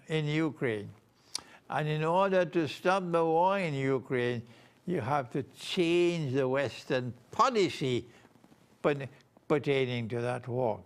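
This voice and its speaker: An older man giving an Islamic lecture on world affairs, speaking in slow, deliberate, emphatic phrases. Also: a little high, clear, resonant tone. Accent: Trinidadian. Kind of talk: measured religious lecture.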